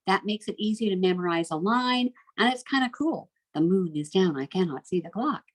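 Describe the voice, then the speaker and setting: A middle-aged woman teaching a recorded literature lesson, reading rhymes and word lists aloud in a lively sing-song way. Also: medium pitch, poor audio. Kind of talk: recorded homeschool literature lecture.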